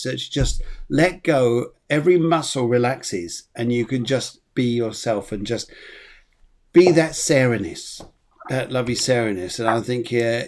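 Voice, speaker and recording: A man hosting as a medium, soft and reassuring as he gives a psychic reading. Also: mid-range voice. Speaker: medium, host.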